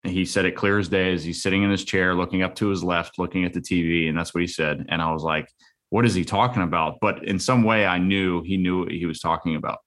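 A man's voice: low voice, little pitch movement, quick pace, hardly any pauses, a bit bright. A man in his thirties telling a personal story in an earnest, reflective way, loose and full of fillers.

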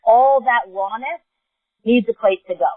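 A woman's voice: a little high, measured pace, no echo. A woman with a New York accent, a guest speaking earnestly and emphatically in a podcast interview. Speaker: guest, advocacy organization co-founder. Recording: tinny phone line.

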